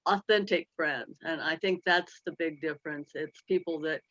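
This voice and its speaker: Tearful woman, bright voice, dull audio. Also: deep voice, moderate pace, no echo. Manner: tearful, laughing through emotion. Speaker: call participant. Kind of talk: casual sharing.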